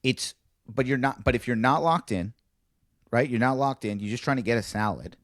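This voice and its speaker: A man's voice: moderate pace, dry recording, studio quality. A man co-hosting a podcast, casually telling a stand-up bit and acting out the dialogue with big jumps in his voice. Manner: animated storyteller, acts out dialogue with big pitch jumps. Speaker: podcast co-host, comedian.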